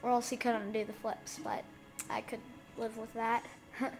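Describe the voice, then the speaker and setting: A woman giving casual gameplay commentary, giggling, getting excited and talking to the characters on screen. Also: on the high side, normal speed. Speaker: let's play gamer.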